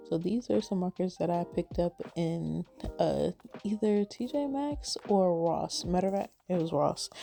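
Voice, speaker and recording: Woman crafter, casual craft voice-over, warm low voice with a gravelly edge, chatty and rambling. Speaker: card-making crafter.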